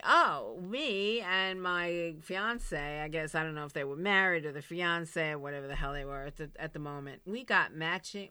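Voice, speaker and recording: Blunt, animated woman telling her story. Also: on the low side, smooth, no echo. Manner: blunt, animated, swings into loud exclaims and laughs. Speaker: recovery program host. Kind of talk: candid storytelling monologue.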